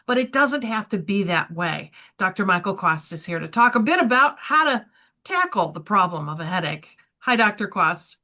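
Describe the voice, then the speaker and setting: A woman's voice: mid-range voice, bright, forceful tone. A woman hosting a sponsored interview segment, speaking in a friendly conversational way. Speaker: host.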